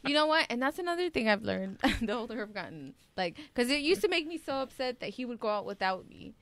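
A woman's voice: fairly high pitch, very animated, fast talker, a bit bright, slight background noise. Chatty laughing woman on a podcast. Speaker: podcast co-host, works with patients. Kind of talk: casual podcast storytelling.

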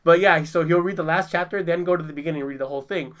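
A man co-hosting a podcast in casual chat, animated, swearing a lot and laughing often. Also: fairly high pitch, rapid-fire.

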